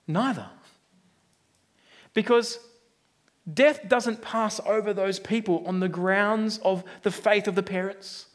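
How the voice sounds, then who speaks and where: A man preaching a sermon in a conversational style, joking with the congregation. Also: high-pitched.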